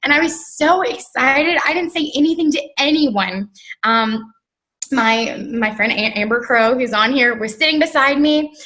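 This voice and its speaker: A woman with a bright, slightly high voice tells her story as an interview guest. She talks in an earnest, casual way, full of "um"s and "like"s. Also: measured pace, rough recording. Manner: earnest, filler-heavy, with frequent "like" and "um". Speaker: interview guest, network marketer.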